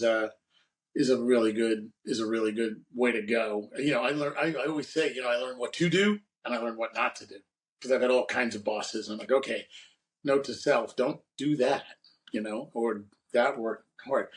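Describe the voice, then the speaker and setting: A man's voice: medium pitch, recorded from a distance, rough recording. A man co-hosting a podcast, telling rambling stories about his career in a casual chat. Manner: rambling anecdotal storyteller. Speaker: podcast co-host.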